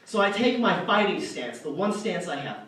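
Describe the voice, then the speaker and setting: A man's voice: high voice, sing-song, moderate pace, a bit bright, far from the mic. Young man doing rambling stand-up in an echoey hall. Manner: rambling, self-deprecating storytelling with fillers. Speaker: stand-up comedian. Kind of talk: stand-up comedy set. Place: arts center stage.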